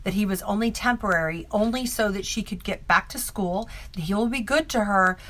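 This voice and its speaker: Bright-voiced woman, rambling storyteller. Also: mid-range voice, fairly quick. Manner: rambling, filler-heavy, with many restarts. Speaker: psychic medium. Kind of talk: casual storytelling.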